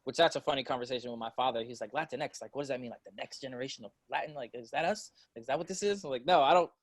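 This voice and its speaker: A man's voice: mid-range voice, racing, no room sound. A man on a podcast panel, talking casually in loose slang and laughing often.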